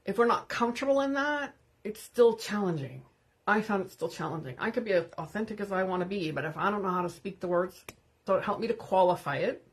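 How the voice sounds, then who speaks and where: A woman hosting an unscripted live stream, talking candidly and greeting viewers by name as she goes. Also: on the low side. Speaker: livestream host.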